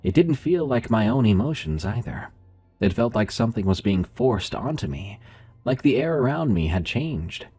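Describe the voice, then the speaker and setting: A man with a nasal voice hosting and narrating horror stories in a calm, measured way. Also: medium pitch, slightly rough, soft background music. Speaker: horror story narrator and podcast host.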